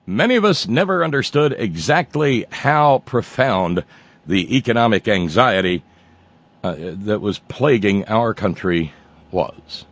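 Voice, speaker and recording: A man's voice: on the low side, expressive, unhurried, no echo. A man doing a mock-solemn newscaster voice, grave and formal in an emphatic announcer manner.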